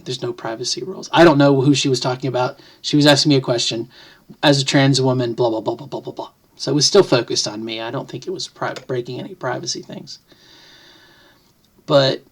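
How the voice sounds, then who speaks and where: Middle-aged trans woman, rambling and reflective. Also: extremely low pitch. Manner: thoughtful, rambling, with many restarts and self-deprecating jokes. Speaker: vlogger. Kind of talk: casual to-camera talk. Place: home, at a computer desk.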